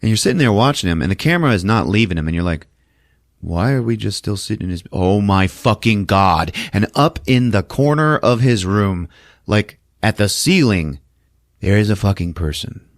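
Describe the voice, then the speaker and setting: Deep-voiced man, profane animated storyteller. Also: normal speed, no room sound, studio quality. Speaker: podcast host. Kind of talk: casual movie recap.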